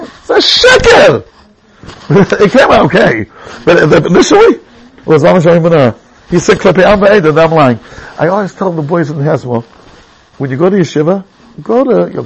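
Middle-aged man, Torah teacher, husky and gravelly, lively storyteller voice. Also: poor audio. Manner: animated storyteller with sudden high exclamations. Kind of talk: Torah class with personal stories.

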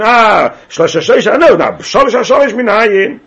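A man's voice: sits high, lively intonation, brisk, few pauses, fairly bright tone, breathy edge. A man teaching a Talmud class, chanting phrases in a sing-song way and repeating his questions to the students. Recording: dull lo-fi class recording.

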